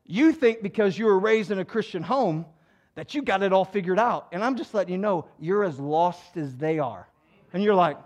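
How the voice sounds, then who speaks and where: A male pastor delivers a sermon at normal speed, animated and joking, swinging between low asides and loud exhortation.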